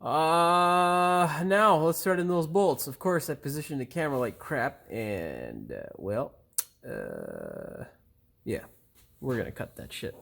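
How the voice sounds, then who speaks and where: A man's voice: mid-range voice, big pitch swings, a little slow, vocal fry. A man working in a garage as he explains a car repair, often frustrated and swearing under his breath, picked up by a camera mic a few feet off. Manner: frustrated, swearing and muttering to himself while working. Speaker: auto mechanic host. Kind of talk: hands-on repair tutorial. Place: auto repair garage, indoors.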